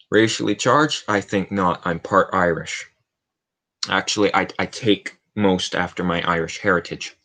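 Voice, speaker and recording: A man's voice: fairly low pitch, expressive, measured pace, fairly bright tone. A man hosting a casual Q&A livestream, rambling and cracking self-mocking jokes. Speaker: livestream host. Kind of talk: casual Q&A stream chat.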